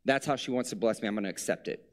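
A man's voice: on the low side, rapid-fire. A male preacher giving a sermon in a conversational, reflective way, with playful asides.

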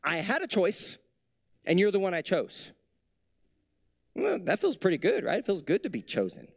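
A pastor delivers his sermon in a fairly high male voice, talking with the congregation rather than at them. He keeps asking them questions and goes quiet and low on the tender lines. The sound is close and dry, with almost no room echo. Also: huge pitch swings, moderate pace, vocal fry, husky. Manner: conversational preaching with many rhetorical questions.

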